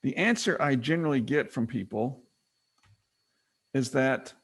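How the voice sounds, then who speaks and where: A middle-aged man presenting a business training webinar, teaching in a conversational way and retelling stories with quick acted quotes. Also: medium pitch, animated, slightly rough.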